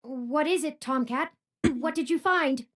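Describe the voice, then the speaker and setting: A streamer voicing an earnest young male robot in soft, questioning lines. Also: high voice, measured pace, pitched above the performer's own voice.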